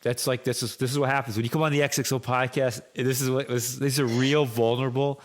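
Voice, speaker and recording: A man's voice: medium pitch, flat delivery, quick pace. A man hosting a podcast, enthusiastic and encouraging, often repeating himself. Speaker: podcast host. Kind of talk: casual conversational podcast.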